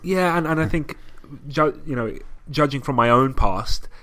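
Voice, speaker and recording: A man's voice: medium pitch, moderate pace, fairly bright tone. A young man, chatting and laughing as a podcast co-host on a remote call. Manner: chatty, laughs often, digresses. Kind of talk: casual chat.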